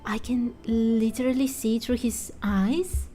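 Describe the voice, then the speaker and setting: A woman's voice: on the high side, steady tone, slow, dark tone, soft background music. A woman chatting casually while playing, reacting and asking questions about the story. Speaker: gameplay commentator. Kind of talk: casual game commentary.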